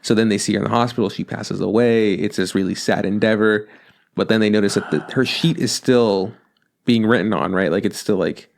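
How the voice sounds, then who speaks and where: A man co-hosting a podcast, retelling a film's plot in a loose, animated, profanity-laced way and acting out the characters' lines. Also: lowish voice, fairly quick, creaky. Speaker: podcast co-host. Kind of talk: casual podcast chat recapping a film.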